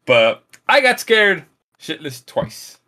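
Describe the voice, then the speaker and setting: A man telling a story in casual chat, animated and profane. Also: fairly high pitch, slow pace. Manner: animated, profane, acts out quoted voices.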